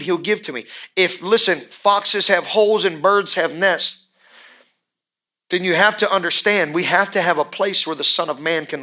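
A man's voice: sits high, pushed and bright. A male pastor preaching a sermon in a church, emphatic and repeating his phrases for effect.

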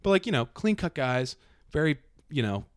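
A man's voice: on the high side, moderate pace, clean tone, dry recording, studio quality. A man co-hosting a casual comedy podcast, telling stories and acting out the people in them. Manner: animated storyteller, acts out voices. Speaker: podcast co-host.

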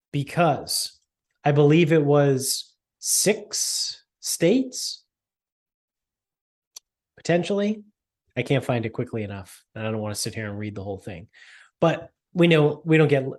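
A man co-hosting a podcast in casual chat, loose and joking, with frequent swearing and laughter. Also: mid-range voice. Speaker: podcast co-host.

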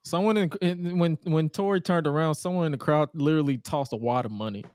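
A man co-hosting a podcast, recapping an old wrestling show in casual chat with animated, profane, mock-incredulous outbursts. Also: fairly high pitch, fairly quick, no room sound. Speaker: podcast co-host.

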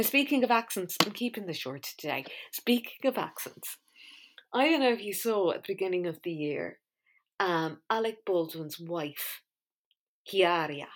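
A woman hosting a podcast in a chatty, wry, self-mocking monologue. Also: on the low side. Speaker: podcast host. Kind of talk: casual monologue.

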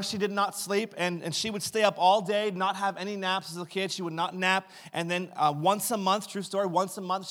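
A pastor telling funny family stories in a sermon, recorded in a church sanctuary. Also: male voice, sits high, fairly bright tone. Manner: humorous anecdotal storytelling.

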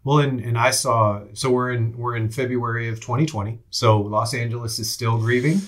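A man's voice: medium pitch, fairly even intonation, normal speed, fairly bright tone. A man from Texas hosting a podcast, asking questions conversationally and reacting with enthusiastic exclamations. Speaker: podcast host. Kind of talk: conversational interview.

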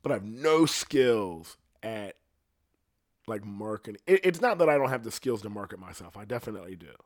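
A man's voice: medium pitch, no echo, clean studio sound. Profane man musing casually on a podcast. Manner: profane, conversational, laughs at himself. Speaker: podcast host. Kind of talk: casual rambling monologue.

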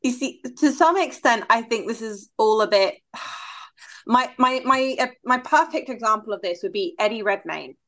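A woman's voice: on the high side, animated, moderate pace, a bit bright. Brief: female panelist, thoughtful, trips over her openings. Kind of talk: casual chat.

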